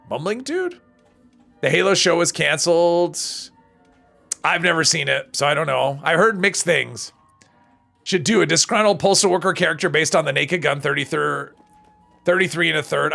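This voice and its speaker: A man talking casually during a live gaming stream, his voice heavily gravelly and bright, worn and strained with fatigue. He reads the chat and replies as he plays, and faint music runs behind him. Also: a little high. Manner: chatty, reads and answers chat between game reactions. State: strained, tired voice.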